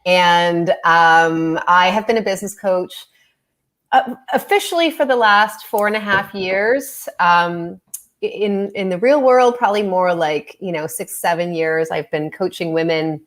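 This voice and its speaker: A woman's voice: lowish voice, a little slow, a bit bright. A Canadian woman, a business coach and author, chatting in a bubbly way as a podcast guest. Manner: bubbly, laughs often, chatty. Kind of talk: casual interview chat.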